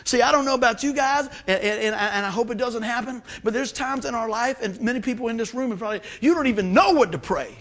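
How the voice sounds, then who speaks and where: A man's voice: extremely high pitch, fast talker, few pauses, a bit bright. A man preaching a sermon in a folksy, emphatic way, repeating words for stress.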